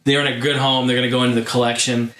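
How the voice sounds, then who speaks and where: A man hosting his gaming channel, telling a story in a casual vlog monologue, animated and full of fillers. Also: medium pitch, racing. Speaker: YouTube gaming channel host. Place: home room. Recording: roomy echo.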